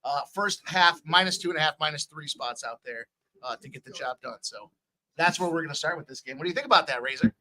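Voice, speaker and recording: A man's voice: fairly high pitch, animated, fast, sharp tone, low-quality recording. A man hosting a live sports betting stream, upbeat as he hypes his picks and reads out chat comments. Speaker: sports betting show host.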